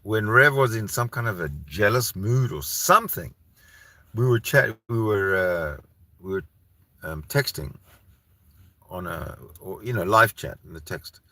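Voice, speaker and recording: A man from Canada carries a long solo talk on his own channel, heated and full of swearing and false starts. His voice sits low, yet it swings widely in pitch and has a bright, forceful edge. The sound is dry and close. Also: lively intonation, unhurried, dry recording. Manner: heated, ranting, profane, with frequent restarts. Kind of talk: rambling solo livestream talk.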